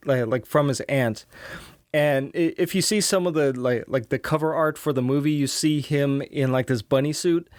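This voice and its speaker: A man in his thirties talks through a casual solo podcast, circling back with fillers and restarts. His voice sits mid-range, recorded dry and close with no room around it. He jumps higher when acting out what people said. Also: dry recording. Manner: rambling, many restarts and fillers, acts out quotes in higher voices. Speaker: podcast host.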